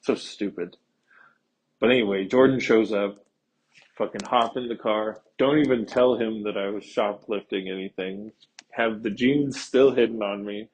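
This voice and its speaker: A man's voice: lowish voice, measured pace, a little mellow, husky. A young man, telling a rambling, profane story in a casual podcast monologue. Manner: rambling, profane, laid-back. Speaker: podcast host.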